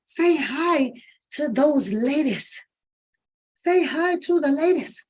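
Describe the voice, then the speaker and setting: A woman's voice: high-pitched, expressive, slow pace, darkish tone. An older woman, a grandmother, playing with a toddler and teasing her with mock cries and dramatic complaints. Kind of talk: playful baby talk.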